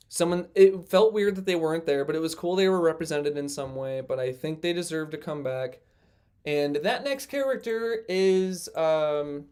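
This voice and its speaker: Male livestream host with a slightly high voice, loose and rambling with frequent ums. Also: a little mellow, clean tone. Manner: rambling, lots of fillers, self-deprecating. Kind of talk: casual livestream chat.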